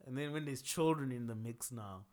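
A man in casual chat who speaks calmly and explains his points step by step. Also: medium pitch, moderate pace.

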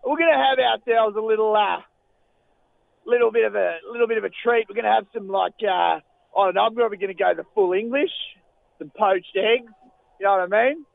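A man doing a laid-back, rambling Australian bloke who drawls and trails off mid-thought. His voice sits high and gravelly, squeezed through a tinny phone line with a dry sound. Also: fairly quick, no room sound. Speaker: caller.

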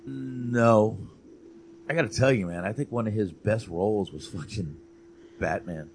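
A man co-hosting a casual movie chat, animated, swearing and repeating himself for emphasis. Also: lowish voice, measured pace, a little hiss or hum. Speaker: podcast co-host.

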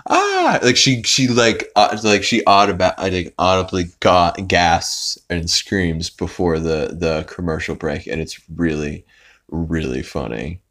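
A man's voice: low-pitched, steady tone, unhurried, a bit bright. A young man casually recapping a cartoon episode, rambling with fillers, restarts and swearing. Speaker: podcast host.

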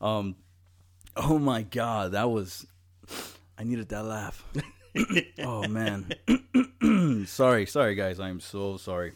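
A man's voice: on the low side, slow pace. A young man hosting a casual podcast, telling stories, laughing often and swearing freely. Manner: laughs a lot, swears, animated storytelling. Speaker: podcast host. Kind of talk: casual chat.

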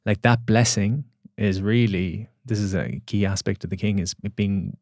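A man, a podcast guest and coach, telling a reflective story in an earnest, halting way with repeated words. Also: on the low side, a little mellow, dry recording, studio quality.

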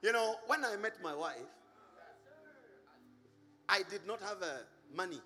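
A middle-aged man from Kenya, a pastor preaching a sermon, animated, with singsong shouts and laughing asides to the congregation. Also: high voice, unhurried, big-room sound, soft background music.

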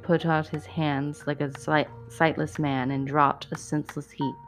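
A woman reading a story aloud in a measured, dramatic narrating manner. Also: low-pitched, level tone, faint music behind.

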